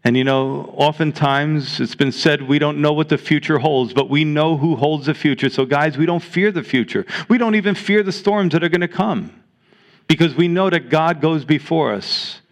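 A man's voice: on the high side, moderate pace. A man preaching a sermon as pastor, earnest and exhorting, reading scripture aloud to his congregation.

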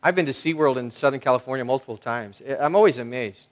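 Man, pastor, sermon, mid pitch, casual fillers and restarts, loud-soft swings. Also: quick pace. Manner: conversational, many fillers and restarts; swings between soft asides and loud emphasis.

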